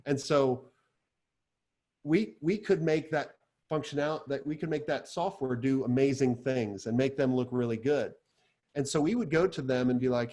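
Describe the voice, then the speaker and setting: A man giving a live talk to an audience as an agency coach, chatty and energetic, full of fillers as he tells stories. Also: medium pitch, normal speed.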